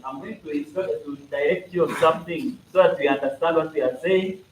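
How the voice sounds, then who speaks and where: A fairly quick man with a voice on the high side explains procedures to students at a school congress. He checks the room often ("are we together?") and keeps things playful, acting out examples and cracking jokes. The sound is echoey and somewhat noisy, taken from a mic far away in a hall.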